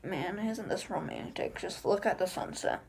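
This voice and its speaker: A woman reading the lines of a chatty male talking donkey from a film script in her own everyday voice, quick and flat. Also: on the low side, vocal fry, a little hiss or hum. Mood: plain reading. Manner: quick flat read-aloud delivery.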